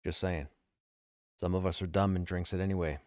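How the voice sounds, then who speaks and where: A man's voice: low-pitched, steady tone, brisk, darkish tone, no echo, studio quality. A man live-streaming a game, chatting casually and joking with his viewers. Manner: chatty, joking, self-deprecating. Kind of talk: casual live-stream chat while gaming.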